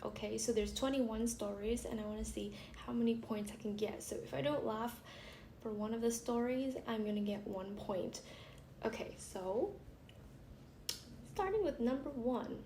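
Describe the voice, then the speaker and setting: A young woman vlogger chatting casually and reading funny stories aloud while she does her make-up, giggling and trailing into soft asides. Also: a little high, moderate pace. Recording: echoey room with faint background hiss.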